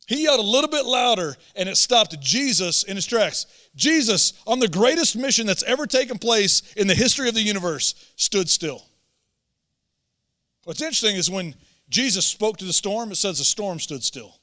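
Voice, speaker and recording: In a church auditorium with long hall reverb, a male pastor delivers a sermon in a high-pitched, expressive voice. He speaks at a moderate pace with a sharp tone, earnest and emphatic, often repeating words to drive a point home.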